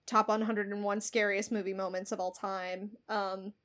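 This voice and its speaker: A woman's voice: mid-range voice, little pitch movement, moderate pace, a bit bright. A woman co-hosting a podcast, discussing a horror film with eager, analytical remarks. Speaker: podcast co-host.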